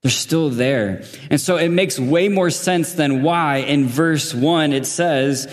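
A man's voice: a little high, slow pace, hardly any pauses, in a large hall. A man preaching as a guest at a church service, conversational, with laughing asides and questions to the congregation. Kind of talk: sermon. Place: church sanctuary.

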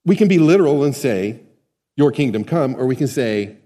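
Speaking with a dark, expressive medium-pitched voice at a moderate pace, this preacher keeps his sermon conversational and often quizzes the people in the pews. The sound carries a long hall reverb.

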